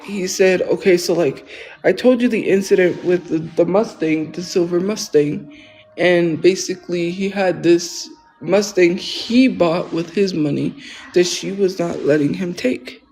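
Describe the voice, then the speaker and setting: A man's voice: high voice, measured pace, a little mellow, soft background music, low-quality recording. A man talking casually on a livestream, rambling and defensive, often restarting his sentences.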